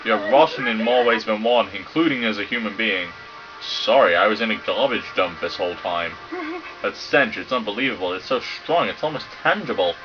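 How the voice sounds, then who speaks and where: A British man reading game dialogue aloud and joking and swearing through a let's play. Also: lowish voice. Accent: British English. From Britain. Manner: sweary, joking, does quick silly voices for characters. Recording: dull lo-fi sound with game music behind. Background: game music.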